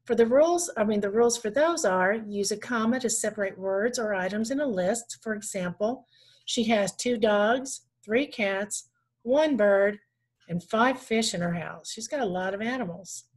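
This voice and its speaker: A woman teaching punctuation rules from slides, reading out examples slowly and correcting herself now and then. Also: mid-range voice, slightly rough. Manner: reads examples slowly, with small restarts. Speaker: adult education teacher. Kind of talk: slide-based grammar lesson.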